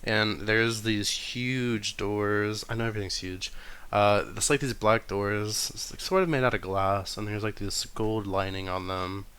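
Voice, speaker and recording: Male game master, smooth tone, casual rambling narration. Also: fairly low pitch, fairly even intonation, unhurried, fairly bright tone. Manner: loose, filler-heavy, laughing.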